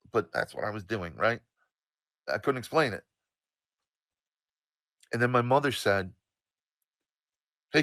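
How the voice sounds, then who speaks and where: Man, 60s, animated emphatic storyteller, forceful tone, dry close mic. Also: medium pitch, no room sound. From United States. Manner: animated, emphatic, swears, drawn-out pauses. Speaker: storyteller, show host. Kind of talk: casual personal storytelling.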